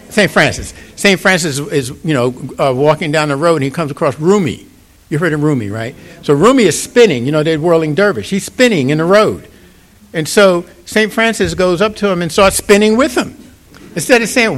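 Middle-aged male pastor, relaxed sermon delivery, fairly high-pitched, keeps asking the congregation if they follow. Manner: conversational, asks "you get it?". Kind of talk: informal sermon.

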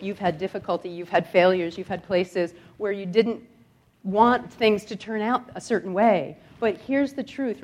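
Woman spiritual teacher, expressive sermon delivery, slow emphatic repetition. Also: medium pitch. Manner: expressive, swings from soft to loud. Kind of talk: sermon with storytelling.

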